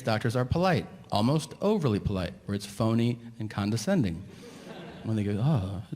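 A middle-aged man telling a stand-up comedy story, ranting and acting out both sides of the dialogue. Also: mid-range voice. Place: large theater stage. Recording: live venue reverb with crowd. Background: audience laughter.

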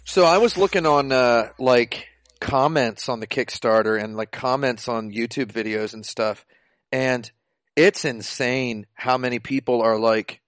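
A man co-hosting a casual podcast, talking excitably and rambling through stories over an online call. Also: medium pitch, a little slow, dry recording. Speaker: podcast co-host. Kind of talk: casual chat. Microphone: online video call.

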